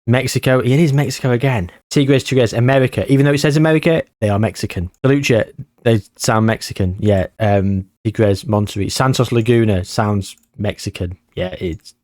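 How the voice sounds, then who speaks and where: A man talks over his gameplay for his own channel, easygoing and prone to little jokes and asides. His voice sits at an ordinary middle pitch for a man. The sound is dry and close, with no room echo. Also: moderate pace, darkish tone. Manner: chatty, jokey, rambling asides. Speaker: YouTuber, host. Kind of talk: video game commentary.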